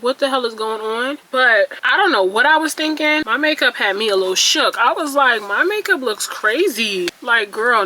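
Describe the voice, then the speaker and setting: Her voice on the high side, pushed and bright, a young woman does her makeup at home by a ring light while venting candidly and chatting with viewers. As a beauty vlogger she's self-deprecating and exclamatory, and the audio quality is poor.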